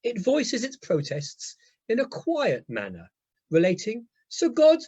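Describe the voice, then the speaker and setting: A man's voice: high voice, huge pitch swings, a little slow, darkish tone, breathy edge, dry recording, lo-fi sound. A man giving an enthusiastic lecture as a rabbi, often checking in with his listeners. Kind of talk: lively lecture to a congregation.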